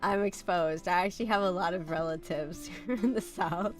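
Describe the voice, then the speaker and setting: A woman's voice: fairly low pitch, fairly quick, soft background music. A sick woman streamer with a light American country accent, chatting casually and bluntly, laughing often and coughing. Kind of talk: casual live-stream chat.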